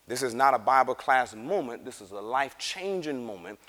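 A man teaching a Bible class, animated and acting out the scripture characters as he reads. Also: medium pitch, normal speed, hardly any pauses. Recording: reverberant room.

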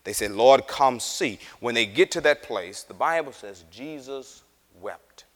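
A man teaching a Bible class, animated and acting out the scripture characters as he reads. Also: medium pitch, a little slow. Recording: reverberant room.

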